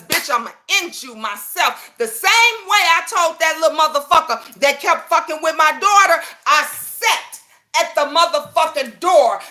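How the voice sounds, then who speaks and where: Woman, 50s, high voice, profane heated rant, repeats herself, confrontational. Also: bright, forceful tone. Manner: keeps asking viewers if they understand. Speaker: YouTube commentator. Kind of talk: heated personal rant to viewers.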